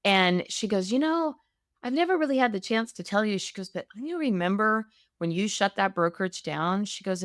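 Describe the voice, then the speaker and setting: A woman's voice: fairly low pitch, no room sound, studio quality. A middle-aged woman, a real estate agent, telling her own story candidly in an interview, often tagging "right?". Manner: emotional, candid, many "right?" tags.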